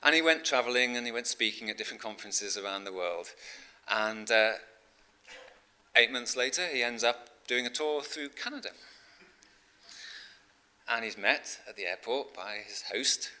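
A middle-aged man preaching a sermon in a conversational storytelling way, with fillers and frequent throat-clearing. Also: mid-range voice, animated, moderate pace, pauses often, pushed and bright.

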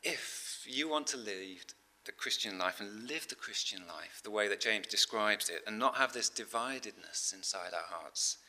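A middle-aged man preaching a sermon in a conversational storytelling way, with fillers and frequent throat-clearing. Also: fairly low pitch, pushed and bright.

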